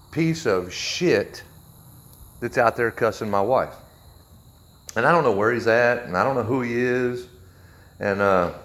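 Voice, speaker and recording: A man ranting heatedly on a livestream from his workshop, blunt and forceful. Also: fairly low pitch. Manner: heated, blunt, with a Southern drawl of words. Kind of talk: angry live video rant.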